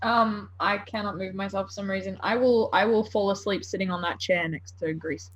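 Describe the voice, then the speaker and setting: A woman's voice: mid-range voice, steady tone, moderate pace, highs cut off. A woman chatting casually as a player in a tabletop game, full of likes and ums. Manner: chatty, hedges with "like" and "um".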